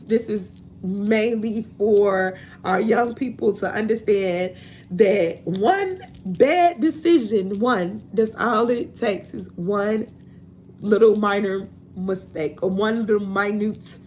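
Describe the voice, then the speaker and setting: A woman's voice: a little high, slight background noise. A woman in her forties from Chicago with a Chicago accent, talking bluntly and laughing often in a casual livestream monologue. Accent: African American Chicago. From Chicago, USA. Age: 40s. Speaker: livestream host.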